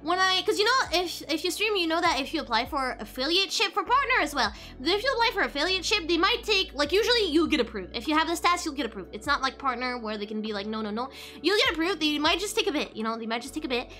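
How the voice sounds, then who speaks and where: High, lively, bright-voiced woman streamer. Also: fast, hardly any pauses. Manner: rambling, giggly, self-interrupting. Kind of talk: casual stream chat. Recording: faint background music.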